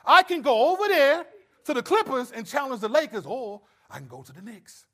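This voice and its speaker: A man putting on a boastful TV sports pundit, arguing emphatically and getting louder. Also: extremely high pitch, very animated, brisk, voice pushed up, full character voice. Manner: emphatic, rising to near shouting.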